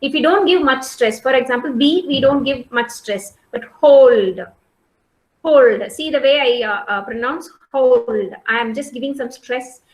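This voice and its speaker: In this classroom lecture, recorded in a room with noticeable echo, a woman speaks in a high-pitched, somewhat bright voice at a moderate pace with hardly any pauses. She's a patient teacher who fills her speech with fillers, repeats points and keeps checking whether the students understand.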